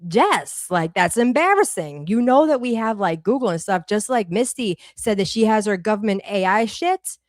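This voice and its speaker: A woman's voice: medium pitch, lively intonation, moderate pace, hardly any pauses, no room sound, clean studio sound. Blunt, profane woman ranting on a stream. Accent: Boston. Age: 40s. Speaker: livestream co-host. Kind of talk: heated casual commentary.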